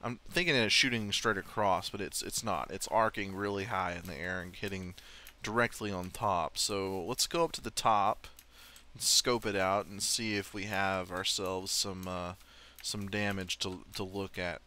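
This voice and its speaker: A man's voice: sits low, steady tone, moderate pace, bright, forceful tone. A young man giving casual, self-mocking commentary on his own game play, swearing and laughing often. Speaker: let's play host.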